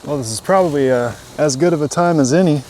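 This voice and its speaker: A middle-aged man hosting an outdoor vlog, talking in a relaxed, upbeat, chatty way. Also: on the high side, fast, slight background noise. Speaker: host of a foraging and hunting channel. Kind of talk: casual outdoor vlog narration.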